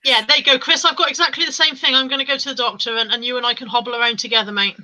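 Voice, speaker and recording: A woman's voice: sits high, fairly even intonation, rapid-fire, pushed and bright, poor audio. A woman co-hosting a live stream, chatting casually and joking at her own expense on a home video call. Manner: chatty, self-mocking and jokey. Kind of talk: casual chat.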